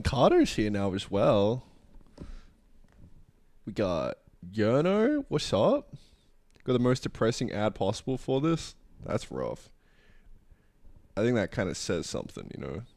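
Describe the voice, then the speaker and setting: A man's voice: medium pitch, big pitch swings, measured pace, pauses often, a little mellow, dry recording. A man with an Australian accent, casually chatting with viewers on a livestream while getting over a cold. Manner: laid-back, chatty, greeting chat by name. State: tail end of a cold. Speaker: streamer.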